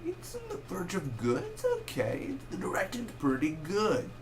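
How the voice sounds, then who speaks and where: A man's voice: high-pitched, faint music behind. A young man giving a casual spoken movie review, rambling and correcting himself as he goes. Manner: rambling, self-correcting, animated with quick asides.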